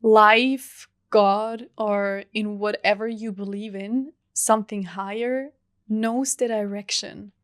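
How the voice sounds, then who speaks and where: A young woman hosting a reflective solo podcast, talking softly and earnestly with long pauses. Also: mid-range voice, fairly even intonation, no room sound, clean studio sound. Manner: soft, earnest, heartfelt, with drawn-out pauses. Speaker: podcast host.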